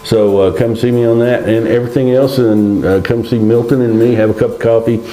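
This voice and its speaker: A man's voice: mid-range voice, fairly even intonation, mellow, a little hiss or hum. A man co-hosting a local community news show, talking in an easygoing, folksy way. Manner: easygoing, folksy, drawn-out phrasing. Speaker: co-host and local financial agent. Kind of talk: casual live show chat. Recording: roomy echo.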